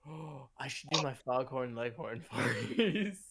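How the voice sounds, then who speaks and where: A man's voice: medium pitch, animated, takes it slowly, vocal fry, a bit bright. A man streaming a game, chatting casually in a playful, joking way. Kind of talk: casual chat while gaming.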